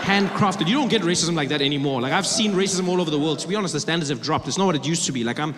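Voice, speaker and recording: A man from Africa, performing animated stand-up storytelling. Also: on the high side, racing, noisy background. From South Africa. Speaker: comedian. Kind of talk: stand-up comedy. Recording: live hall with loud crowd.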